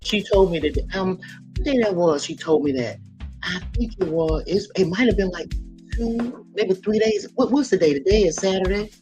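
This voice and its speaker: A woman hosting a casual livestream, telling lively, laughing stories and reading out viewers' comments. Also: fairly low pitch, moderate pace, soft background music. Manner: lively, laughing storyteller, talks straight to viewers. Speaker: livestream host. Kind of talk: casual storytelling and chat reading.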